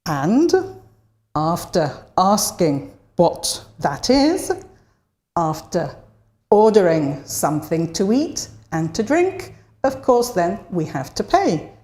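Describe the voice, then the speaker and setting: Woman teacher talking slow n low, says each phrase carefully so you can repeat, kinda echoey room. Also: sing-song, a little mellow. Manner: slow, clearly modeled phrases for repetition. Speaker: language teacher. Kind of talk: online lesson.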